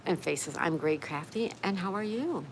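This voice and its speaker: A friendly woman hosts a casual live stream from an outdoor patio, warmly reading out viewer comments and greeting people by name. Her voice sits a little on the low side. A faint outdoor ambience hums under her talk. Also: animated, moderate pace, a little hiss or hum, rough recording. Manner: upbeat, reads out viewer comments.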